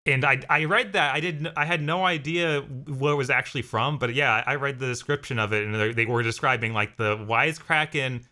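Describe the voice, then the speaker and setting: A man co-hosting a casual gaming podcast, relaxed and agreeable, often answering with short replies. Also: medium pitch, brisk, few pauses. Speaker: podcast co-host.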